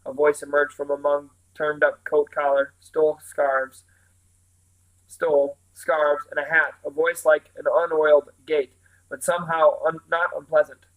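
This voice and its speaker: A man reading a novel aloud, his voice pitched a little high. He tells the story at a steady, even pace. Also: moderate pace, rough recording. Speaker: reader.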